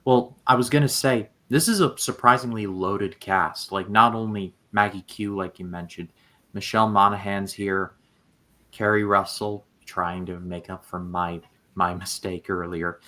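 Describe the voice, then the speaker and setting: A man's voice: low-pitched, steady tone, a little slow, pushed and bright. A man hosting a casual podcast discussion, making dry, wry asides as he sums up points.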